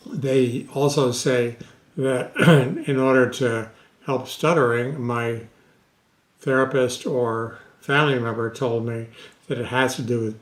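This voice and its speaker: Slow-talking man in an echoey room. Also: mid-range voice. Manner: unhurried, with many pauses and fillers. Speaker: stuttering specialist. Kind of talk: casual advice talk to camera.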